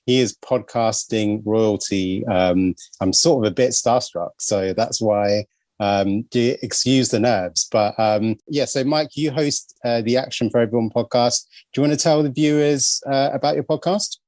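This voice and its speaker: A man hosting a casual podcast over a video call, chatty and quick to laugh at himself. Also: medium pitch, darkish tone, no room sound. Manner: chatty, laughs often, self-deprecating. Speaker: podcast host.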